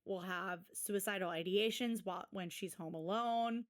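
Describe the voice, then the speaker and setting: A woman's voice: mid-range voice, moderate pace. A woman co-hosting a podcast, recapping a reality show in casual chat with exasperated sarcasm. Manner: sarcastic, exasperated, quotes people in put-on voices. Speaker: podcast co-host.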